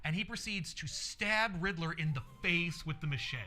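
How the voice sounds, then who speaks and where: A man streaming, animatedly retelling a story in casual chat, fast and loose with swearing. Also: on the high side, pushed and bright, soft background music.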